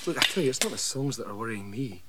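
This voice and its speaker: A Scottish man hosting a radio comedy show, telling jokes in a dry, deadpan way. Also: mid-range voice, fast talker, very noisy. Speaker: comedy host.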